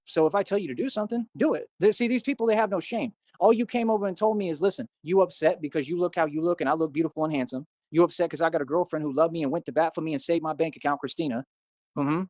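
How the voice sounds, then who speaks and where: Defiant guy going off at his chat, pitched a bit high, dull muffled audio. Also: a little mellow, dry recording. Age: adult. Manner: boastful, combative, defiant. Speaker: livestreamer answering chat. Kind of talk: ranting live stream.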